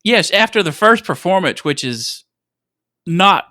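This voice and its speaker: A man with a slightly high, lively voice talking through a movie plot with dry sarcasm and frequent laughter. He sounds casual and close to the mic, with no echo around him. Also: a little slow. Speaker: podcast co-host. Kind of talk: casual movie review chat.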